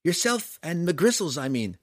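Male narrator voicing a loyal young girl: high, anxious, earnest, audiobook. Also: very animated, measured pace, dry recording, studio quality. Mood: worried. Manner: raised girlish pitch, worried and earnest. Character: young human girl, kind and loyal farm daughter. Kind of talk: audiobook character voice.

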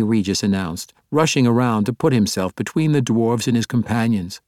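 A man narrating an audiobook in a steady, expressive reading. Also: medium pitch, normal speed, hardly any pauses, no echo, studio quality. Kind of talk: scripted narration.

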